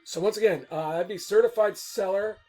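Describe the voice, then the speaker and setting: Man with a Californian accent and a higher voice, animated and rambling, casual unscripted delivery. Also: brisk, faint music behind. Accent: Californian English. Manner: animated, rambling, self-interrupting. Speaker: attorney and real estate broker. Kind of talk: casual off-the-cuff video talk.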